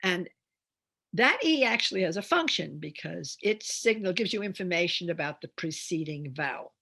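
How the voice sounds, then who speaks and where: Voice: medium pitch, expressive, moderate pace, vocal fry, pushed and bright. A reading teacher giving an instructional talk on phonics, explaining step by step with chatty asides.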